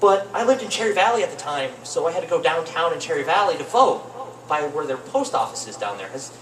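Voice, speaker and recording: A young man doing rambling open-mic stand-up comedy in a cafe, with deadpan asides. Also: fairly high pitch, quick pace. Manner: rambling, deadpan asides, lively swings into mock voices. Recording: roomy cafe with faint noise, distant mic.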